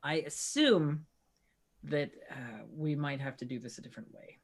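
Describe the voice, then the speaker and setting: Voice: mid-range voice, moderate pace. A player in a tabletop game, speaking in a hesitant, polite and playful way. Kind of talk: tabletop role-play.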